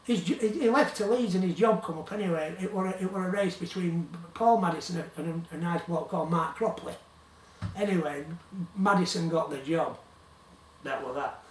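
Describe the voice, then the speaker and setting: A man's voice: high-pitched, normal speed. A man with a Yorkshire accent telling a long rambling story in casual talk, often repeating himself. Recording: roomy, distant from the mic.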